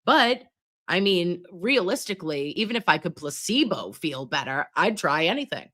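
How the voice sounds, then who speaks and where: A middle-aged nurse hosting a live stream, chatting with viewers and reading their comments while she gets over pneumonia and keeps clearing her throat. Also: fairly low pitch, big pitch swings, normal speed, sharp tone. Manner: chatty, calls viewers babes, reads comments aloud. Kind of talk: casual live stream chat.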